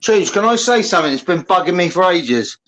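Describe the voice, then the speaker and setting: A man's voice: high-pitched, big pitch swings, a little fast, fairly bright tone. A man on a livestream call, teasing the host with cheeky banter. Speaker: caller on livestream. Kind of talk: casual chat.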